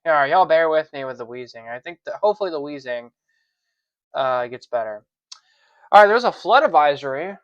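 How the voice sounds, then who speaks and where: This man hosts a weather livestream from his room, speaking a little fast in an animated, smooth voice on the high side. He wheezes while chatting casually, sounding self-conscious and apologetic. The stream audio is dry, dull and lo-fi, with no room sound.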